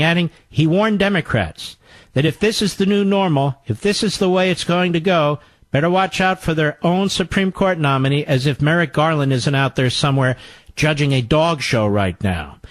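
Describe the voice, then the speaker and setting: Sarcastic combative talk radio host. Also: male voice, dry recording. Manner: swings his pitch widely for emphasis. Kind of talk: political talk radio monologue.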